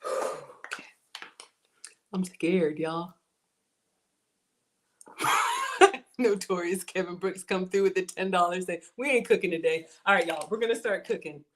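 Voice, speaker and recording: A middle-aged woman, hosting a cooking livestream in a chatty, excitable way and reading viewer comments aloud. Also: on the low side, fairly quick, few pauses. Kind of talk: casual livestream chat.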